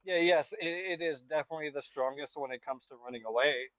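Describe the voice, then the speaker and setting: A man's voice: a little high, quick pace, highs cut off, a crowd in the background. A man on a livestream debate, mocking and combative. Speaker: debate guest. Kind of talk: heated political debate.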